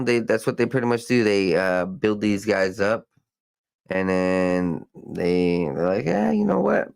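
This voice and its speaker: A deep-voiced man hosts a podcast, reading news articles aloud before drifting into loose, rambling commentary packed with fillers and restarts. There's no echo, though the audio is poor.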